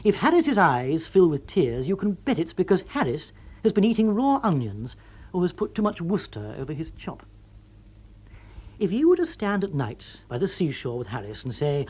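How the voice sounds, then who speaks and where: Lively male storyteller. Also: on the high side, normal speed, breathy edge. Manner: wry, lively, comic. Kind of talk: expressive storybook reading.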